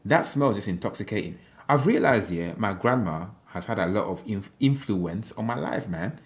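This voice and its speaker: A man's voice: on the low side, animated, moderate pace. A man from Africa chatting casually on a livestream, reading viewer comments in a playful, rambling way and laughing often.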